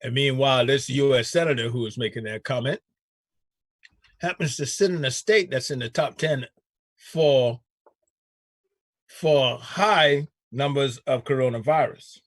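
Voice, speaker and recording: Husky-voiced talk show host. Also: male voice, medium pitch, unhurried, long pauses, no echo, clean studio sound. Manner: animated, riffing with repeated restarts. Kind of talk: casual chat.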